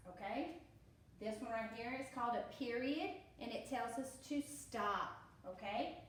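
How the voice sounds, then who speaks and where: A woman with a Southern US accent teaching a pre-K lesson, cheerful and encouraging, sounding words out slowly and stretching them for the children. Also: fairly high pitch, distant mic, slight background noise. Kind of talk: recorded lesson for young children. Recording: very echoey room.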